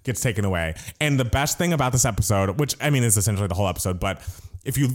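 A man's voice: on the low side, animated, very fast. A man animatedly telling a story as he recaps a reality TV episode in casual chat, swearing now and then.

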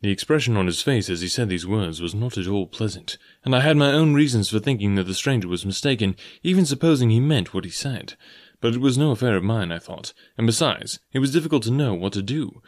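A man reading an audiobook aloud in measured first-person narration. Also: lowish voice, animated. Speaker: audiobook reader.

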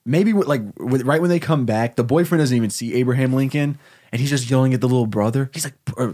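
A man's voice: mid-range voice, quick pace, dark tone. A man in a casual brainstorming chat who talks in a playful, slangy way and jokes boastfully. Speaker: co-writer brainstorming.

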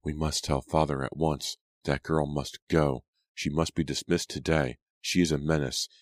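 A man's voice: very deep voice, steady tone, moderate pace, no echo, clean studio sound. A man voicing a stern, accusing young woman. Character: young woman, sharp-tongued suspicious sister. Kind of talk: audiobook character reading.

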